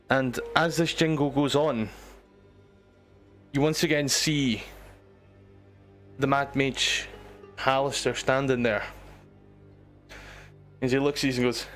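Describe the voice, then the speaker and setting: A man's voice: mid-range voice, a bit bright. Man narrating a tabletop game. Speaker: game master.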